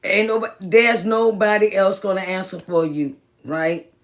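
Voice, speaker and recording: On a phone live stream, this minister and motivational speaker delivers a relaxed pep talk in a medium-pitched, steady voice at normal speed. She says things more than once to stress them and calls out viewers by name.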